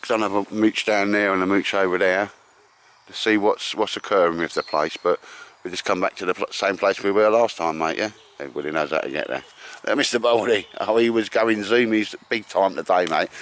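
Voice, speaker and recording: A man's voice: low-pitched, a bit bright. A man with an Essex accent chatting to camera in the woods, rambling and matey, calling everyone mate. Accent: Essex English. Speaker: bushcraft vlogger. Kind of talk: casual chat to camera. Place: outdoors in woodland.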